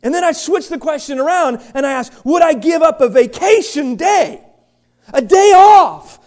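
A middle-aged male pastor preaching a sermon, chatty and joking, swinging from quiet asides to loud shouted bursts. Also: extremely high pitch, animated, normal speed. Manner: chatty, joking storyteller with many restarts.

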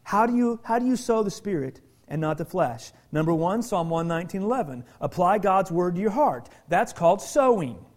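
High-voiced animated preacher man. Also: moderate pace, hardly any pauses. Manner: animated, swings from quiet to shouting. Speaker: pastor. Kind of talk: sermon.

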